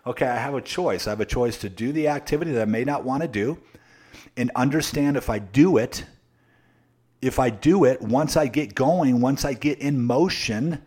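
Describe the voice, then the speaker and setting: A man speaks straight to his viewers in a motivational coaching talk. He hammers each point through repetition and keeps checking in with the audience. His pitch sits in the middle range for a man. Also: normal speed, a little mellow. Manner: emphatic and repetitive, with frequent tag questions; addresses viewers directly. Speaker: sales coach. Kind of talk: motivational live-stream talk.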